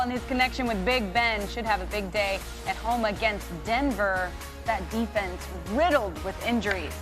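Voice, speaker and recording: A woman hosting a studio sports show, reading scripted segments in a crisp, measured way. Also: sits high. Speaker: studio host. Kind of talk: scripted sports broadcast narration.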